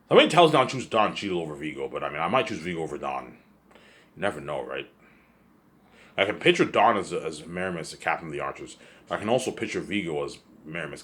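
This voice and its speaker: A man's voice: deep voice, pushed and bright, husky. A man rambling in a casual solo monologue, repeating himself and often adding "you know what I'm saying.". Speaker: vlogger.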